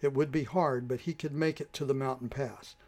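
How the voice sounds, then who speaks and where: A man narrating a book chapter in steady, clear storytelling. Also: medium pitch, brisk. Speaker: audiobook narrator. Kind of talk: scripted narration.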